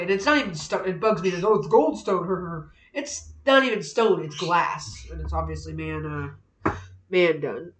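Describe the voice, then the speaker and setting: A woman chatting playfully to herself while building a craft project, often dropping to soft murmurs. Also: lowish voice. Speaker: craft vlogger. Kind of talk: casual narration while crafting. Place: indoors at a craft table. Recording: roomy echo.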